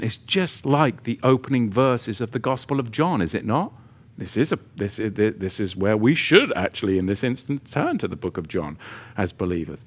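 A man teaching through a Bible chapter verse by verse in a conversational way, with joking asides, reading scripture with emphasis. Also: fairly low pitch.

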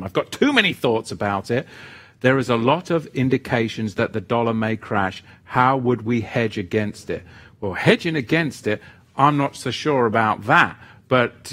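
A man's voice: mid-range voice, fairly bright tone, slightly rough. A middle-aged man from England whose accent has drifted toward American, hosting a live stream where he reads out viewer comments and answers them in a loose, rambling way. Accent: mid-Atlantic mix of English and American. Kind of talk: casual live chat.

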